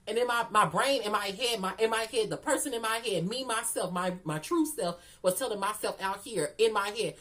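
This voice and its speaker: A woman's voice: medium pitch, animated, a little fast, hardly any pauses, a bit bright. A woman telling a candid, profane story in casual vlog chat, repeating phrases for emphasis and calling the listener "girl". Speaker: storyteller vlogger.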